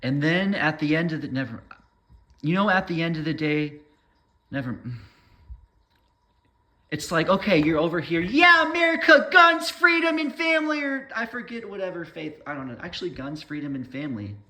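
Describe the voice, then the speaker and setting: Guy rambling on and on, keeps losing his train of thought, kinda high and bright, voice bounces all over. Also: moderate pace, long pauses. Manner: rambling, trails off and restarts, keeps saying never mind. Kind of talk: rambling opinion monologue.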